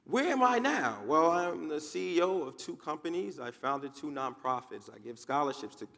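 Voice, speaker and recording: A man from New Jersey delivers a motivational keynote with dramatic storytelling and emphatic repetition. His voice sits slightly high for a man. The sound carries with a long reverb from a large conference hall. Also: fairly even intonation, normal speed, gravelly, fairly bright tone. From Newark, New Jersey, USA. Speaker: motivational speaker.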